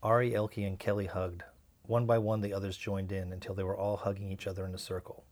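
A man narrating a novel in a steady, measured way. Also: low voice. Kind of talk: audiobook narration.

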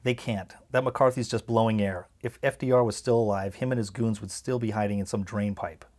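Man doing a gruff old grandfather, curt, defiant, lowish voice, audiobook. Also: fairly even intonation, a little fast, darkish tone, close to an everyday voice. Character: stubborn defiant retired grandfather.

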